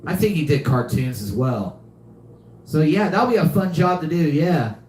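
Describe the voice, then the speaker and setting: A man's voice: on the high side, lively intonation, moderate pace, a little mellow, reverberant. A young man hosting a live podcast, chatting casually and often repeating himself. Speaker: podcast host. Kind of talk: casual live-stream chat.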